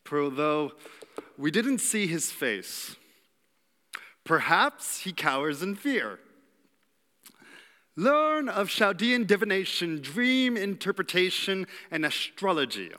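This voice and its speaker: A man's voice: high-pitched, very animated, takes it slowly, long pauses, sharp tone, pitched above the performer's own voice, heavily acted. A man voicing a scheming male court official of an ancient empire, with a theatrical evil old-world accent and a mocking, grandiose manner. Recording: long hall reverb.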